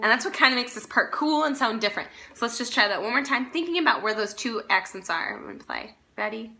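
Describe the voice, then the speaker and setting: A woman's voice: on the high side, expressive, fast, vocal fry, sharp tone. A woman teaching a string practice lesson, patiently naming notes and counting the players in. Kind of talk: practice video instruction. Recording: violin playing behind. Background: violin music.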